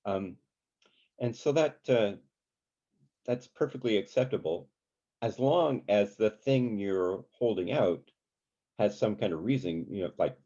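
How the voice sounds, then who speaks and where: A man's voice: lowish voice, unhurried, pauses often, mellow. A man leading an informal songwriting workshop, talking casually with many fillers and breaking into sung examples. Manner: chatty, many fillers, sings and hums examples. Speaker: songwriting teacher. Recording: dull lo-fi sound.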